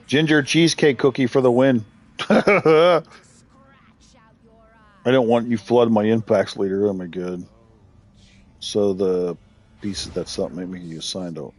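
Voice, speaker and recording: A man's voice: on the low side, normal speed, long pauses. Man chatting loosely on a game stream. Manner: rambling, laughs often, reacts to viewer chat. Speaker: live-stream gamer host. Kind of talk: casual live-stream chat.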